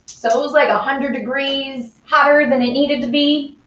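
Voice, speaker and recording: A woman's voice: sits high, steady tone, normal speed, fairly bright tone, muffled recording, slight background noise. A woman hosting a casual baking livestream from her home kitchen, chatting bubbly with viewers and reading their comments. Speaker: baking livestream host and singer.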